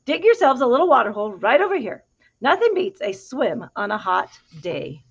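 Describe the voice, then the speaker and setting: A woman reading aloud as a brisk, bossy male duck who knows best. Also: on the high side, sing-song, husky, heavily acted. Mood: advising. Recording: dull lo-fi recording.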